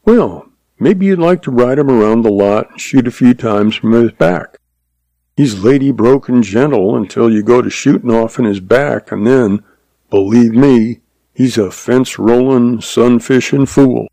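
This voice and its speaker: A man's voice: mid-range voice, a little slow, gravelly, dark tone, dry recording. A man doing a drawling, taunting cowboy. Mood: mocking. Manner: drawling, mocking. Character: drawling cocky cowboy puncher, taunting and quick.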